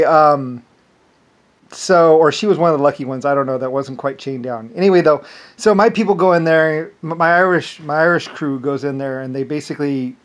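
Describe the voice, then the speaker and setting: A man telling a long, rambling story in a casual monologue, who keeps restarting with "anyway" and swings between loud animated bursts and low mumbled asides. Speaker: storyteller recounting an imagined past life.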